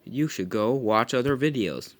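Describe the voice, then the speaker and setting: Rambling, joking man with a lively voice. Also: mid-range voice, moderate pace. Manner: rambling, self-conscious joking, talks to camera. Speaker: vlogger. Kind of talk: casual home vlog. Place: at home with his dog.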